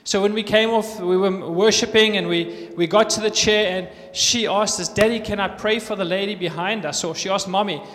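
Guy with a high voice telling miracle stories at church, echoey hall. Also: normal speed, few pauses. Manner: animated storyteller acting out dialogue. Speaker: guest speaker sharing testimonies. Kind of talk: church testimony storytelling.

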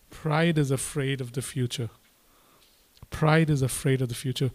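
A man with a fairly high voice delivers a sermon. He drives his points home through repetition and climbs into passionate, emphatic exhortation. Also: normal speed. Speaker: preacher.

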